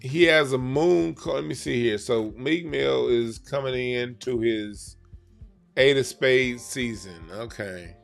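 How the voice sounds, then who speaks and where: A man's voice: mid-range voice, takes it slowly, creaky, faint music behind. A man reading playing cards for a yearly forecast, talking casually in an emphatic, slangy way, often repeating and restarting his phrases. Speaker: card reader. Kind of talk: casual explainer monologue.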